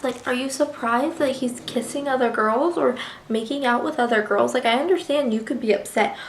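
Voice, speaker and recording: A woman's voice: fairly high pitch, echoey room. A young woman reviewing a book in a casual vlog, chatty and gushing with lots of filler words.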